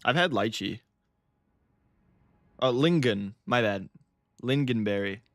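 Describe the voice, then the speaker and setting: American man, lowish voice, casual stream chatter, laughs and curses, dry close mic. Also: normal speed, dry recording. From United States. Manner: laughing, cursing, stumbling over pronunciations. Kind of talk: casual live-stream chat.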